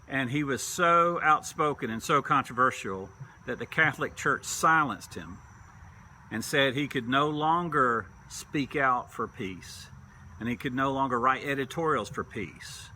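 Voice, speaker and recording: A man preaching a sermon as pastor, slow and deliberate, sometimes dropping to a whisper. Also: medium pitch, bright, forceful tone, in a large hall, a little hiss or hum. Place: church sanctuary.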